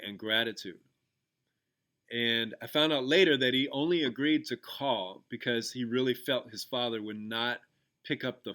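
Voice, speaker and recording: A man's voice: mid-range voice, sharp tone. A man who teaches and hosts a podcast, talking casually with lots of fillers as he guides listeners through an exercise and tells a story from class. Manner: conversational, loose with fillers and restarts, retells a classroom story. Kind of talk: casual podcast talk guiding a gratitude exercise.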